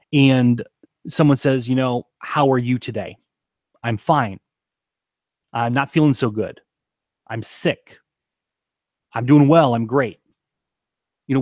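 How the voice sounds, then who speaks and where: A man's voice: medium pitch, a little mellow, no echo. Man, leadership coach, earnest, emphatic, dry close sound. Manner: earnest, emphatic, repeats for stress. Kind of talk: teaching talk to camera.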